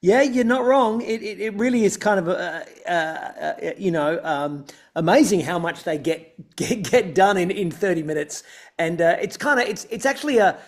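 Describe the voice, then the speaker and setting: Man, Australian accent, easygoing guest, chatty, slightly high pitch. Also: moderate pace. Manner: easygoing, chatty, laughs lightly. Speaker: actor, interview guest. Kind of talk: casual interview chat.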